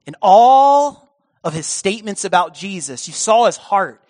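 A pastor preaching and reading a story aloud to his congregation, animated, often repeating words as he stresses points. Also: high-pitched, a little slow. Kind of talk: sermon with read-aloud story.

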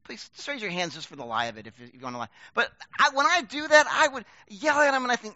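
A middle-aged man preaching a sermon in a conversational, self-deprecating way, swinging from loud bursts to hushed asides. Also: high-pitched, sing-song, fast talker, no room sound, lo-fi sound. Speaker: pastor.

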